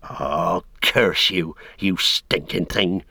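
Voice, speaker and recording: Man reading blunt hobbit servant guy, low voice, kinda scornful. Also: extremely slow, gravelly, pushed and bright, husky, no echo, full character voice. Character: stout-hearted male hobbit servant, wary.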